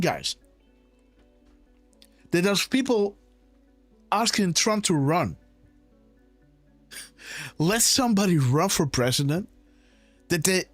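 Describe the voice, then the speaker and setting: High and fairly bright in tone, with no echo, a man hosts a live political commentary show as its decoder. He hammers away with rhetorical questions, often turns to the audience, and keeps repeating "guys" and "right?".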